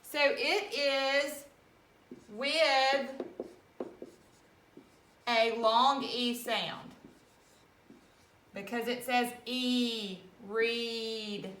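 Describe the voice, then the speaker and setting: Woman teacher, fairly high and clear, unhurried and patient, spells words out letter by letter; echoey room. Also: steady tone, a bit bright, slight background noise. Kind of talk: recorded classroom reading lesson.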